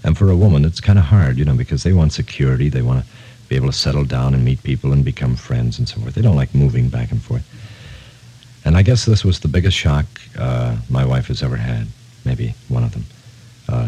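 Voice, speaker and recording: Very deep-voiced sentimental radio DJ. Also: male voice, brisk, warm tone, breathy edge, rough recording. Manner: rambling, heartfelt, sentimental. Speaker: radio disc jockey. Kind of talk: casual on-air radio talk. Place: radio studio. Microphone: studio microphone.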